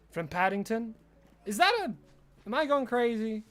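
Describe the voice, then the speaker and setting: An Australian game streamer chatting playfully and rambling on a live stream, breaking into excited yelling. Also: mid-range voice, normal speed. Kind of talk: live gameplay stream chat.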